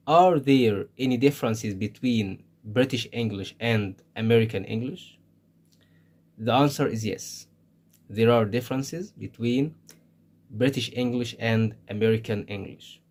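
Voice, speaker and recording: A man with an Egyptian Arabic accent gives an English lesson at a very slow, careful pace. His voice sits at a medium pitch. He leans on single words, setting each one apart so its sound comes through. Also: darkish tone. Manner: slow, deliberate, stresses single words to model pronunciation. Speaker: English teacher. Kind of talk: slow spoken language lesson.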